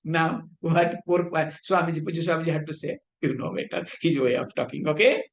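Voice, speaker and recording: A Vedanta teacher with an Indian English accent leads a spiritual philosophy class in a low, fairly quick voice. She keeps it conversational, often asking rhetorically whether her listeners understand.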